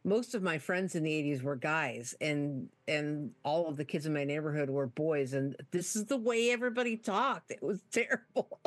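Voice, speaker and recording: A middle-aged woman in a relaxed group chat, talking with hesitant restarts while she hunts for the right word. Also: low voice, normal speed, hardly any pauses, dry recording. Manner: searching for words, hesitant.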